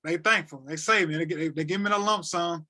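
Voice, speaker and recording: A young man from North Carolina, a podcast guest, retelling events in a loose, animated way with plenty of repetition and slang. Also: on the high side, fairly quick. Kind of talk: casual storytelling.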